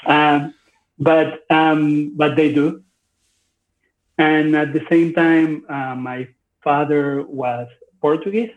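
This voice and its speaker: A man in his forties from Venezuela, a podcast guest speaking slowly and hesitantly with many fillers. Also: on the high side, level tone. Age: 40s. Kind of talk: casual interview conversation. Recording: dull lo-fi recording.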